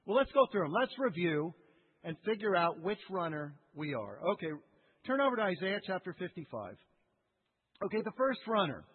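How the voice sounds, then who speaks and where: A man with a high, husky voice preaches a sermon and keeps firing questions at his listeners in a lively, conversational way. His voice rings through a large hall with a long echo, and the sound is thin and tinny, like a phone line. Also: moderate pace. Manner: animated, conversational, asks the audience questions. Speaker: pastor.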